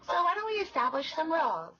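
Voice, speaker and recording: A woman's voice: very high voice, big pitch swings, fast, sharp tone, slight background noise. A woman making a prank phone call, speaking in a falsely patient, sarcastic way. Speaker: prank caller.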